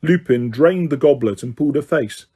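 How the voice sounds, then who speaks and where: A man's voice: mid-range voice, moderate pace, breathy edge. A man narrating a novel as an audiobook, reading steadily with the odd stumble. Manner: steady reading, occasional slips. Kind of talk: scripted narration.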